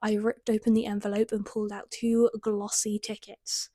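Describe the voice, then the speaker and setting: Her mid-range voice stays completely flat as she moves at a moderate pace with few pauses, warm in tone and free of room sound. She's a young British author reading the novel she wrote as a teen, breaking in with comic, self-mocking asides.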